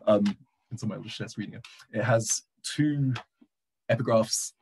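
A middle-aged man giving a reflective lecture over a video call, pausing with hesitant fillers and slowing down when he reads passages aloud. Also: on the low side, vocal fry, a little mellow, breathy edge, rough recording. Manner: reflective, hesitant, slows down for readings. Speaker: guest lecturer and poet. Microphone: computer mic on a video call.

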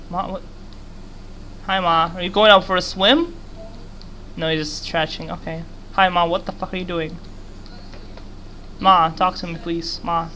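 A woman's voice: mid-range voice, fairly bright tone, slight background noise. A young woman giving casual, giggly commentary while playing a game, rambling and talking to the character on screen. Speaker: gaming YouTuber.

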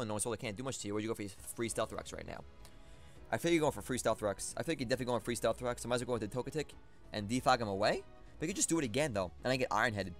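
Excitable young man commentating gameplay. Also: on the low side. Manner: excitable, thinking aloud, talks to opponent. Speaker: competitive battle commentator.

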